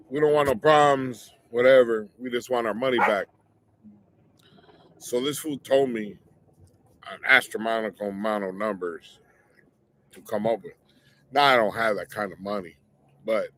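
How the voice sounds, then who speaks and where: A man's voice: on the low side, a bit bright. A middle-aged man hosting his own show, telling a personal story in a casual, blunt, slangy way and warning listeners. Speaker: show host.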